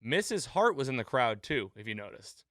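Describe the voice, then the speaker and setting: On a casual podcast, a man with a mid-range voice talks at normal speed, captured in studio quality without echo. As co-host he recaps the episode with plenty of laughter, animatedly acting out quotes.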